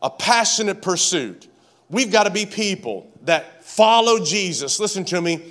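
A man preaching a sermon, passionate and repetitive, building to shouts. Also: high-pitched, animated, a little slow. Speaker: pastor.

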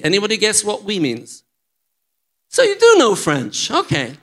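An older man visits a church as guest preacher and worship leader, chatty and enthusiastic, joking with the congregation and teaching them a song. His voice is high-pitched and fairly bright, with huge pitch swings at a moderate pace.

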